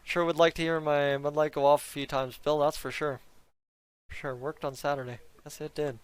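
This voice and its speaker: Excitable man hosting a fan stream. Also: a little high, moderate pace, smooth. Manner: excitable, breaks into auctioneer-style countdowns. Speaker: live stream host. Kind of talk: live fan reaction commentary.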